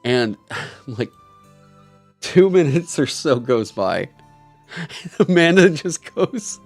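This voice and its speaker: Young male podcast host, gravelly voice, animated, rambles and swears. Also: high-pitched, slow pace, pauses often, faint music behind. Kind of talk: casual chat.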